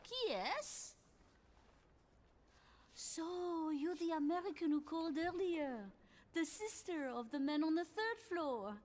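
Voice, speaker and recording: A chatty, fussy French caretaker woman speaks with a lilting French accent. Her voice sits high and swings widely in pitch. She talks slowly and theatrically. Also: expressive, darkish tone, full character voice. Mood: welcoming. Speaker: game trailer character. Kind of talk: game trailer voice acting.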